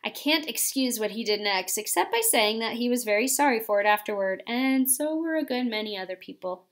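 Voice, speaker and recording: Lady reading a kids' book out loud, lively and expressive, a bit high. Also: fairly quick. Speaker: audiobook reader. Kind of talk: reading a novel aloud.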